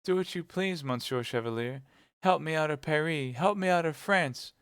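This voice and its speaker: A frightened young chambermaid, put on by a male reader in a lifted, breathy register. She begs and pleads. The voice stays smooth and clear, close to the microphone in a dry space. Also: normal speed, fairly bright tone, no room sound. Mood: begging. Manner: pleading, breathless, high-pitched. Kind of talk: audiobook reading live.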